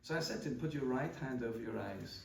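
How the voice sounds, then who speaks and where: Rabbi preaching in a roomy hall. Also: male voice, medium pitch, animated, fast talker, creaky. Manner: earnest, storytelling, repeats words when searching for the next phrase. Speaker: rabbi giving a eulogy. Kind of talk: eulogy sermon. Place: large study hall. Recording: roomy hall audio from a distance, faint noise.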